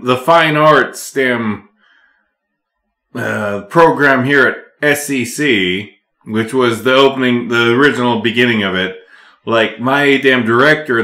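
A man hosting a podcast, telling animated, profane anecdotes in casual chat. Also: mid-range voice, reverberant. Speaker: podcast host.

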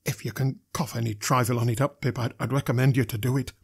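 A man voicing a simple, kindly blacksmith who talks slowly and earnestly. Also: mid-range voice, steady tone, gravelly, a little mellow, slightly rough. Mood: earnest worry. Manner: slow, earnest, homely speech. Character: simple gentle blacksmith, kindly, slow-spoken.

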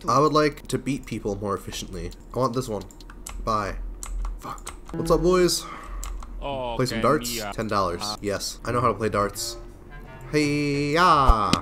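A man giving casual gameplay commentary, swearing constantly, laughing a lot and breaking into sudden yelled outbursts. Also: medium pitch. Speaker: gaming video creator. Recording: game music playing under voice.

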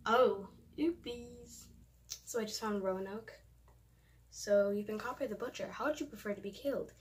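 A woman's voice: mid-range voice, normal speed, distant mic, a little hiss or hum, poor audio. A young woman vlogging at home, chatting casually as she reads and answers quiz questions aloud. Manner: chatty, thinking aloud, reading quiz options. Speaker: YouTuber.

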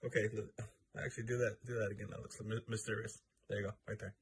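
A man delivering a mock-serious, profane comic rant in a dark room lit by a flashlight. He lurches from hushed whispers to loud outbursts. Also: lowish voice, level tone, quick pace, husky. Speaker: comedy video maker.

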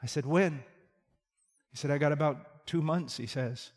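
A man preaching a sermon, telling a story quietly and then rising to loud, fervent shouts. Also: on the high side, measured pace. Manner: storytelling, swings from hushed to shouting. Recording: reverberant hall.

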